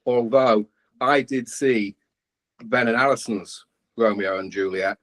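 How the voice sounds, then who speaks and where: A man's voice: medium pitch, measured pace, fairly bright tone. Friendly man on a video call. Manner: friendly, complimentary. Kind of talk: casual video-call chat.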